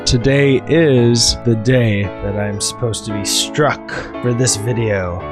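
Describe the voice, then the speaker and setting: Man, casual movie vlogger, mid pitch, jokey and profane, quick to laugh, faint music bed. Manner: jokey, excitable, swears freely, laughs mid-sentence. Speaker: movie vlogger and podcast host. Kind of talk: casual vlog talk to camera. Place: on the move between home, car and cinema.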